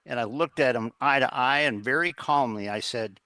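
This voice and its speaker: A man's voice: medium pitch, moderate pace, few pauses, bright, forceful tone, dry recording. A man telling an earnest story as a guest in a casual interview, acting out the dialogue as he goes. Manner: earnest, anecdotal, quotes others in dialogue.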